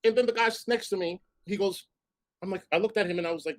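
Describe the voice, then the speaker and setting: A man's voice: high voice, fast. A man streaming live, telling brash, profane stories and chasing donation goals. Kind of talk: casual stream chat.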